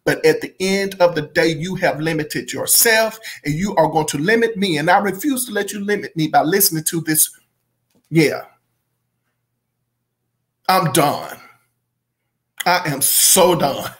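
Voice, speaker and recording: Middle-aged male commentator, slightly high voice, emphatic and repetitive, casual rant. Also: expressive, a little slow, pauses often. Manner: emphatic, repeats phrases, bursts into helpless laughter. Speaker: music commentary host. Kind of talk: casual opinion monologue.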